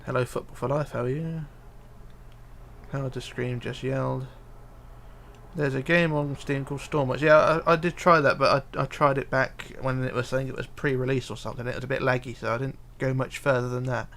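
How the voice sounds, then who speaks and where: A man talks through a live stream in a gravelly, mid-pitched voice. He reads viewer comments aloud and mutters to himself as he works, with a lot of hesitant fillers. A faint hum of room noise sits behind him. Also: fairly even intonation, fairly quick, fairly bright tone. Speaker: livestreamer. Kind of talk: casual live stream chat while building.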